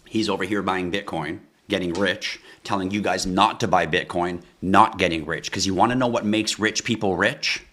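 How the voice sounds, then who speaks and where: A man's voice: sits low, fairly even intonation, normal speed, few pauses, a bit bright. A man hosting a live crypto stream, talking bluntly to his chat viewers and ranting at times. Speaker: livestream host.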